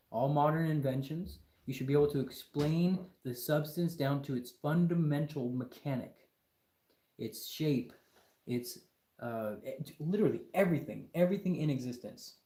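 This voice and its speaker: A man's voice: mid-range voice, dark tone, roomy sound. A man hosting a casual livestream, talking in an emphatic, exasperated rant with lots of repetition. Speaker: livestream host.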